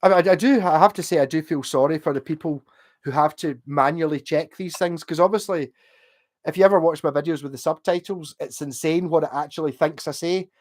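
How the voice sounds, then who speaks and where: A man's voice: a little high, a little fast. A man, a bit drunk, rambling casually on a late-night home livestream while reading out chat and laughing often.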